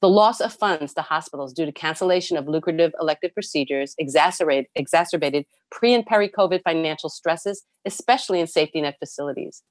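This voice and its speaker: A woman's voice: low voice, quick pace, few pauses, no echo. A woman, a nurses' union president giving earnest, emphatic prepared testimony at a public hearing. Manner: earnest, emphatic, reads a prepared statement with stresses and repeats.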